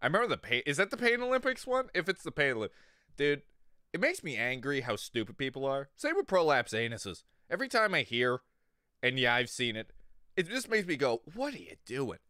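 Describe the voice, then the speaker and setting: A man's voice: mid-range voice, sing-song, a little fast, bright, forceful tone, smooth, no room sound, studio quality. A man streaming live, chatting casually with viewers in a crude, rambling way and often laughing. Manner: talks to chat viewers. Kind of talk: casual livestream chat.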